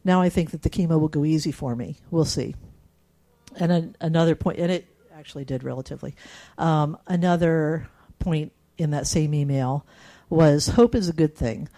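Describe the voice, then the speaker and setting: A woman's voice: low voice, moderate pace, warm tone. A middle-aged woman candidly telling her own story and reading her emails aloud, with fillers and small laughs. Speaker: cancer patient sharing her story.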